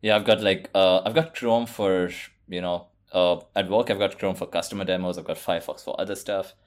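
A man co-hosting a podcast, brisk and dropping short interjections. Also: low-pitched, fairly even intonation. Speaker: podcast co-host. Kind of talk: casual tech chat.

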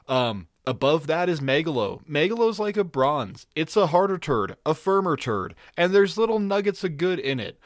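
A man's voice: medium pitch, no room sound, studio quality. Laughing, profane male podcast co-host. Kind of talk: casual chat.

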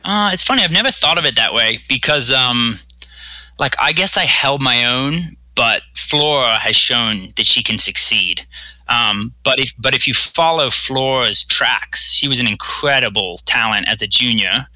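Bright rambling man from Bermuda. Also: medium pitch, unhurried, no echo, low-quality recording. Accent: American-tinged. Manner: rambling, repeats words, acts out quotes. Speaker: guest, professional triathlete. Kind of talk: casual storytelling interview.

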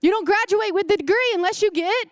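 High-voiced woman pastor preaching emphatically. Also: quick pace, no echo. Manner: emphatic, repeats phrases, asks the crowd rhetorical questions. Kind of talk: sermon. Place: church service.

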